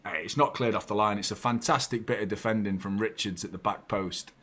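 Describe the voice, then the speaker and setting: A man hosting a live football watchalong, excitable and sweary, jumping from shouts to low muttering. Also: brisk, husky. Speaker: football fan channel host. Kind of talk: live match watchalong commentary.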